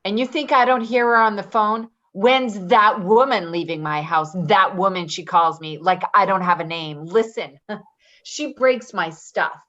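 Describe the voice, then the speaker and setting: A woman's voice: medium pitch, measured pace, fairly bright tone, dull audio, close to an everyday voice. A woman in a readers theater reading, playing a blunt, defensive live-in caregiver who answers with sarcasm. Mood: indignant. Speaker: actor in a staged reading.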